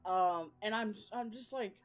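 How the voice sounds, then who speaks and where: A woman's voice: medium pitch, unhurried, soft background music. Chatty young woman recapping a book. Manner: chatty, laughing, slangy. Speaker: book vlogger. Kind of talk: casual chapter recap.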